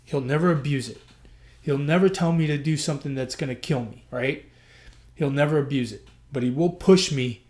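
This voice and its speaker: A man hosting a podcast, telling a personal story in an earnest, emotional way, often repeating himself. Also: on the high side. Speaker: podcast host.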